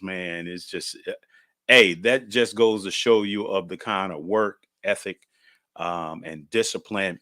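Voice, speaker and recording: Podcast host, male, lower-pitched, bright and punchy tone, relaxed chatty storyteller. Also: dry recording, studio quality. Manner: chatty, laughing, folksy storyteller. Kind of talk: casual podcast monologue.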